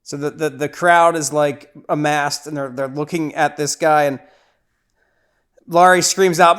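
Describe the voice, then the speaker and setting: A man's voice: fairly high pitch, unhurried, smooth. Chatty man recapping a horror film. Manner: chatty, with many repeated words and restarts; grows loud and excited at gory scenes. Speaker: podcast host. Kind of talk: casual movie recap.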